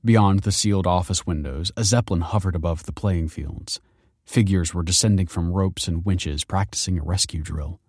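A man reading a story aloud as narrator in a measured, understated way. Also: low-pitched, a little mellow, slightly rough, no echo, studio quality.

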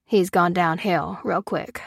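A man's voice: sits high, fairly even intonation, slow, creaky, fairly bright tone, no room sound, clean studio sound, heavily acted. A woman voicing a bitter, gossipy male field medic who talks in a sly, folksy way. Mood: grave.

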